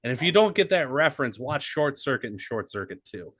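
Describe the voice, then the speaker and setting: A man co-hosting a podcast in casual chat, emphatic and excitable, swearing freely. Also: medium pitch, fairly quick, no echo, clean studio sound. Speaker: podcast co-host.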